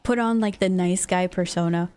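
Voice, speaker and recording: A woman's voice: lowish voice, steady tone, normal speed, darkish tone, clean tone. A woman streaming live, chatting casually and reacting to her chat's messages. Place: lives in the United States.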